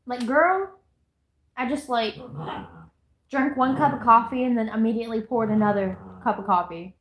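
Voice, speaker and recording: A woman's voice: on the high side, moderate pace, reverberant. A woman live-streaming from home, chatting casually and rambling to her viewers and herself. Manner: rambling, giggly, talks to chat and herself. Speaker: livestreamer. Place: at home, indoors.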